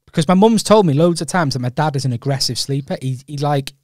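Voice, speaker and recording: A man's voice: fairly high pitch, animated, fast, a little mellow, no room sound, clean studio sound. A young Welsh man co-hosting a podcast, telling rambling stories in a casual chat and laughing often. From Wales. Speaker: podcast co-host.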